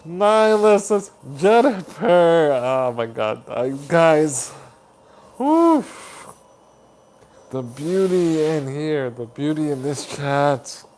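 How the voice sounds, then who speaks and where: A man hosting a live stream chat. He reads viewer comments aloud, greets people warmly by name as buddy and honey, and laughs often. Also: a little high, slow, few pauses, slight background noise. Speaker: livestream host.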